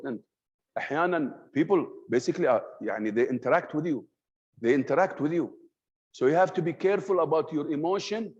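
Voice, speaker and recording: Animated man lecturing, husky. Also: fairly high pitch. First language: Arabic. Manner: animated, swings his voice up and down on purpose; slips Arabic words into his English. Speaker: trainer in communication skills. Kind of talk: lecturing a class. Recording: dull lo-fi sound.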